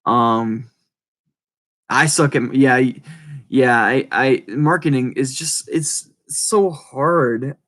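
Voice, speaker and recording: A man with a speech impediment chatting casually and rambling to viewers, halting and apologetic, often restarting his words. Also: medium pitch, fairly bright tone. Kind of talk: casual rambling livestream chat.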